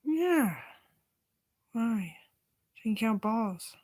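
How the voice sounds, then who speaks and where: A young woman rambling in a casual vlog, swearing often and drifting between loud talk and whispers. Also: a little high, expressive, extremely slow.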